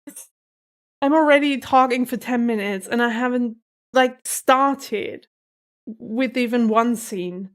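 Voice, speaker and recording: Woman reaction-video host, higher voice, unhurried, emotional and gushing, near tears. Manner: gushing, emotional, laughs often, slow and effusive. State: close to tears.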